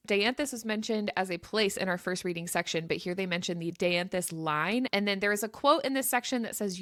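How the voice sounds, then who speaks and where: A woman's voice: on the low side, fairly bright tone, no room sound, studio quality. A woman co-hosting a casual book podcast, chatty and giggly as she walks through names and terms. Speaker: podcast co-host. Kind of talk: casual podcast chat, reading a pronunciation guide.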